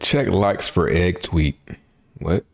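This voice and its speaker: A man's voice: deep voice, slow, vocal fry. Man, reaction commentary, lots of laughing and slang, faint noise behind. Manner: joking, laughs often, slangy. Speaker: reaction video host. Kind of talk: casual commentary.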